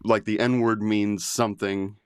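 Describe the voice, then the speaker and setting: Low-voiced laughing man, podcast host. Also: a little slow, smooth, no room sound, clean studio sound. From Texas, US. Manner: laughs often, swears freely, animated storyteller. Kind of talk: casual chat.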